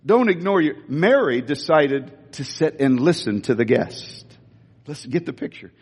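A man preaching a sermon in an emphatic, animated way, often restarting phrases, recorded with long reverb in a big hall. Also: a little high, measured pace, breathy edge.

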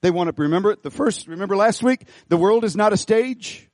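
A middle-aged man pastoring a church, preaching an animated sermon, folksy and full of repeated phrases as he tells a story. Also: high-pitched, a little fast, no echo, clean studio sound. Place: church auditorium.

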